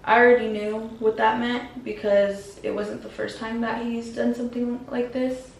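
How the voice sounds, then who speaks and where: A woman's voice: a little high, level tone, moderate pace, creaky, distant mic, a little hiss or hum. A woman vlogger telling a personal story in a frank, slangy, casual way. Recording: roomy, mic set back.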